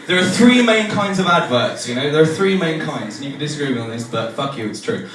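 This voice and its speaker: This young adult man from England speaks a little high and quick as he performs stand-up, mocking himself in animated tales and voicing the characters he describes. Laughter rises from the audience, and the sound comes from a distance in an echoey, noisy room.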